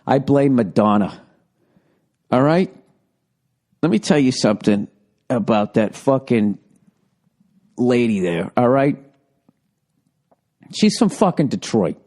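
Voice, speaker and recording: A man's voice: mid-range voice, very animated, takes it slowly, pauses often, darkish tone. A man hosting his podcast from home, ranting sarcastically with lots of swearing in a rambling comedic monologue, recorded on a handheld digital recorder. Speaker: podcast host.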